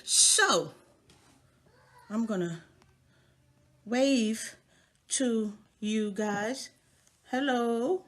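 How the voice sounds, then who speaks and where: A woman's voice: on the high side, extremely slow, long pauses. A woman from New York City, chatting casually to viewers on a live stream from her home through a tablet mic, often laughing. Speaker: host of a live video stream. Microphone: tablet microphone.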